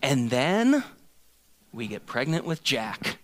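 A man's voice: medium pitch, very animated, slow pace, fairly bright tone. A man in his thirties, a pastor telling a self-mocking personal story in a sermon and acting out both sides of a conversation.

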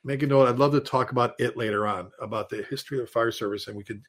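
A man, a fire chief guest on a show, telling stories in an animated, casual way with many restarts and repeated words. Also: medium pitch, quick pace. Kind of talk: casual storytelling.

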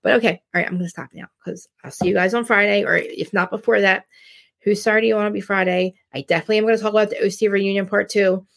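Jersey-accented woman host, blunt, rambling live chat, mid pitch with vocal fry. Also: fairly even intonation, fast. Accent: New Jersey. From New Jersey. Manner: rambling, blunt, many restarts. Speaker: live-stream podcast host. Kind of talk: casual live-stream chat.

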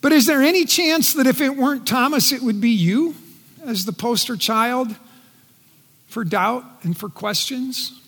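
A man preaching a sermon in earnest, his voice dropping soft and quiet when he speaks quoted words. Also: extremely high pitch, measured pace, slightly rough. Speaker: pastor. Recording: long reverb in a large hall.

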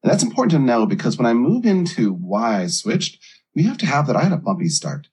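A man's voice: mid-range voice, big pitch swings, brisk, a little mellow, slightly rough. A middle-aged man, a life coach, earnestly telling his own story in an interview.

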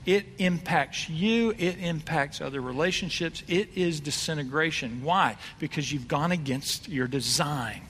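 A man's voice: a little high, unhurried, hardly any pauses, fairly bright tone, a little hiss or hum. A man preaching a conversational sermon, asking his congregation questions. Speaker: pastor. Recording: reverberant hall.

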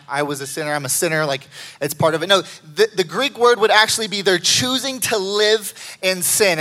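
A man preaching a sermon as a pastor, telling stories with excited jumps in his voice. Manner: animated storytelling with excited pitch jumps.

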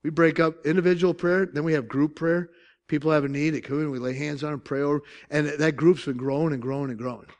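An older man with an Upstate New York accent, preaching a lively, joking sermon as pastor. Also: on the high side, quick pace. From Syracuse, New York. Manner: animated, joking storytelling with laughs.

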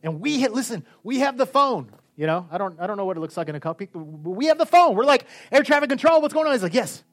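A man preaching a sermon, animated, swinging from quiet, intimate lines to loud shouts. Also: high voice, fast talker, soft background music.

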